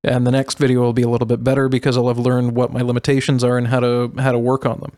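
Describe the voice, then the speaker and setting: A man's voice: mid-range voice, completely flat delivery, fast talker, a little mellow, no echo, studio quality. A man, a podcast guest, talking candidly and with self-deprecating humor in casual chat.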